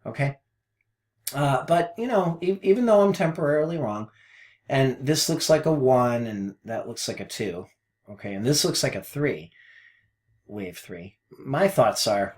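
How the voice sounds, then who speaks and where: Male trading coach, casual screen-share chat, rambling and self-mocking, pitch jumps all over. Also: measured pace. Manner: rambling, self-deprecating, animated swings between mutters and outbursts; mild cursing, folksy phrases. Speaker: forex trading mentor.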